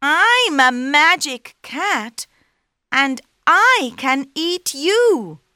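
A woman voicing a clever male talking cat in a storybook, high-pitched and excitable. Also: extremely slow, no echo, studio quality, heavily acted. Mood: eager. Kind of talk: storybook reading.

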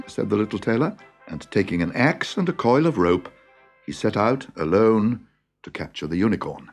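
Expressive male storybook narrator. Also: lowish voice, moderate pace, husky. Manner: expressive, dramatic. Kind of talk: storybook reading. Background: music.

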